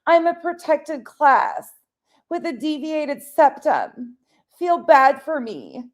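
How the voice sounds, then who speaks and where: A woman's voice: high voice, lively intonation, slow, pitched above the performer's own voice. A woman putting on the voice of a whiny grown woman who claims victimhood, in a mocking, self-pitying way.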